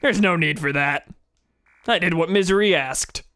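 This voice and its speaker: A streamer voicing a big, clumsy, good-natured male creature while reading game dialogue aloud, in a lowered gruff voice. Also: moderate pace, a bit bright, natural voice. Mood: earnest.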